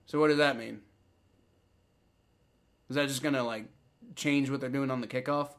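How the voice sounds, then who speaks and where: A man giving excitable live play-by-play reactions to a football game, swearing and repeating himself often. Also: mid-range voice, moderate pace.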